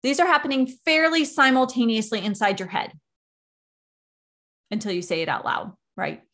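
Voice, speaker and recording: Calm woman teaching coaching skills. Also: fairly high pitch, moderate pace. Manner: calm, explanatory, with everyday analogies. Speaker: coaching podcast host. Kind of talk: instructional podcast monologue.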